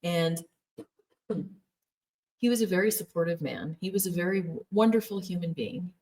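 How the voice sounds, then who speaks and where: A woman in her thirties recounts her own story in a frank, personal way, laughing now and then. Her voice sits a little low, and she is recorded from some distance from the microphone. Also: moderate pace, a little mellow. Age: 30s. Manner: candid, laughs often, acts out quoted voices. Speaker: former Jehovah's Witness telling her story. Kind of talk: personal testimony.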